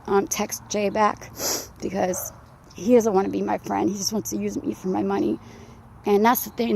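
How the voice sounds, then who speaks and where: A woman out of breath, rambling and confessional as she vlogs while walking outdoors in a quiet neighborhood. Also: mid-range voice, gravelly, a little hiss or hum. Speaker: vlogger. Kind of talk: casual vlog while walking. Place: outdoors, quiet residential community. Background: faint dog and insects.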